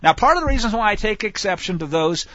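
A Bible teacher walks through Scripture in a folksy, conversational style, often turning aside to address his listeners. His high, bright-edged voice is expressive and quick, swinging widely in pitch. The recording is dry with no echo, and it sounds somewhat dull and lo-fi.

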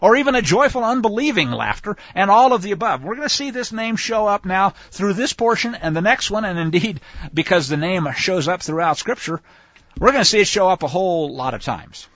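A man's voice: sits high, lively intonation, fairly quick, a bit bright, no echo. A man teaching through a Bible passage in a folksy, conversational way, with asides to his listeners. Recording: dull lo-fi dry recording.

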